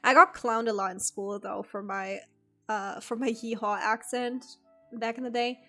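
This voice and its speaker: A woman whose first language is German chats casually on stream, rambling and giggling at her own stories. Her voice sits a little high, and soft music plays faintly in the background. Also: fairly even intonation, normal speed. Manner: rambling, giggly, self-deprecating. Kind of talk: casual chat with stream viewers.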